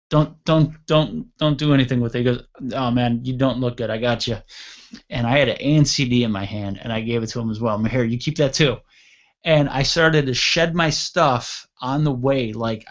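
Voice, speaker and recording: A man in his thirties hosts a radio show and tells a crude story with animated energy, acting out the other voices as he goes. His voice sits at an ordinary middle pitch. The audio is dull and lo-fi. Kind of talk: casual storytelling chat.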